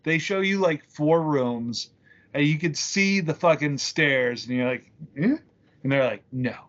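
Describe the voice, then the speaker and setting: A man's voice: on the high side, animated, a little slow, fairly bright tone, lo-fi sound. A man co-hosting a podcast, telling stories casually and swearing as he goes. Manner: casual, profane storytelling. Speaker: podcast co-host. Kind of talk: crude comedic podcast banter.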